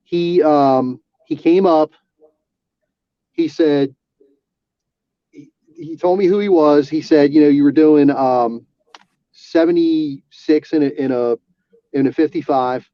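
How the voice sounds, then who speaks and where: A man, an auxiliary police officer, telling a personal story in casual talk, halting with restarts and fillers. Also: fairly high pitch, no room sound. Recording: dull lo-fi sound.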